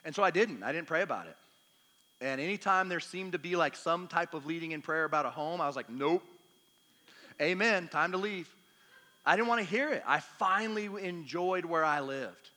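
A man with a fairly high, sharp-toned voice preaches a storytelling sermon, talking a little fast and with plenty of animation. His style is chatty, humorous and self-deprecating, and he acts out bits of dialogue. The recording, made in a church meeting hall, carries long hall reverb.

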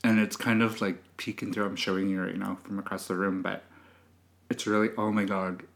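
A man's voice: sits low, level tone, fairly quick, creaky. Lisping man chatting casually. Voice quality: slight lisp. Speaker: podcast co-host. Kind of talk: casual chat.

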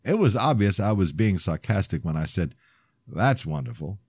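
A man reading his own novel aloud in measured first-person narration. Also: low-pitched, sing-song, darkish tone, breathy edge, no room sound, clean studio sound. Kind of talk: audiobook narration.

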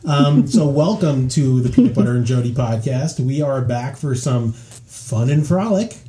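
A man's voice: mid-range voice, lively intonation, unhurried, heavy background noise. A man hosting a relationship podcast, joking and bantering playfully with his co-host. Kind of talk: casual chat.

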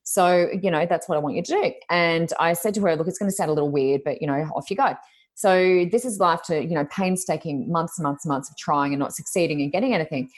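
This Australian woman has a low voice and talks in a chatty storytelling way. She slips into the voices of the people she quotes. It sounds like a video call. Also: fast talker. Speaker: intuitive reader guest. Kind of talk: casual storytelling.

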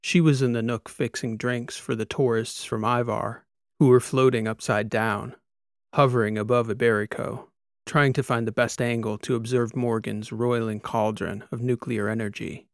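A man narrating a science fiction audiobook in a steady, storytelling manner. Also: medium pitch, moderate pace, no room sound, clean studio sound. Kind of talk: scripted narration.

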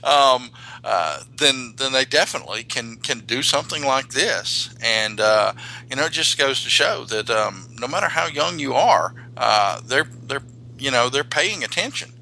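A man's voice: medium pitch, expressive, measured pace, gravelly, bright, forceful tone, slight background noise, rough recording. A man co-hosting a casual podcast chat, rambling with many restarts and fillers. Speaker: podcast co-host.

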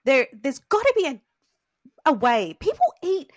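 A woman's voice: sits high, very animated, a little slow, no room sound, studio quality. An Australian woman, a guest miniature artist, chatting casually on a podcast and full of "like" and "you know".

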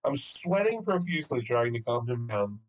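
A rough recording captures a young man, co-host of a podcast, telling a story at a moderate pace in a medium pitch. The chat is casual and animated, peppered with swearing and frequent laughs.

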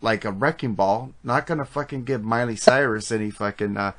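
A man hosting a podcast in casual chat, crude and quick to swear and laugh. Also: mid-range voice, fairly bright tone. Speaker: podcast host. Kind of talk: casual chat about metal albums.

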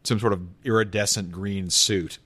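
Low-ish voiced guy, dry quick jokes, chill podcast talk. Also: steady tone, a bit bright. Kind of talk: casual chat.

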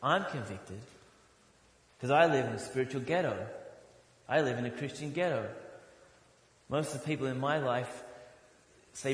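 A middle-aged American man preaching a sermon as pastor, joking and rising to loud mock outrage. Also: medium pitch, normal speed, pauses often. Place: church sanctuary. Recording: echoey hall, long reverb.

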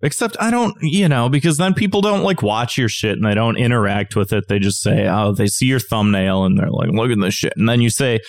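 A man's voice: lowish voice, expressive, brisk, hardly any pauses, no echo. Man, podcast co-host, casual rant, profane, dry close sound. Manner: profane, ranting, exasperated. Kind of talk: casual chat.

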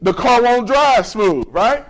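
A man's voice: very high voice, expressive, slow. A male pastor preaching a sermon in a conversational, folksy way, mixing humor with call-and-response to the congregation.

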